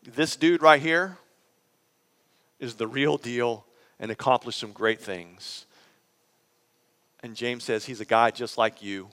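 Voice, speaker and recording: A man preaching a sermon in a conversational, animated storytelling way, prompting his listeners and acting out the people in the story. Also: medium pitch, takes it slowly, pauses often, long reverb tail. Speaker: pastor.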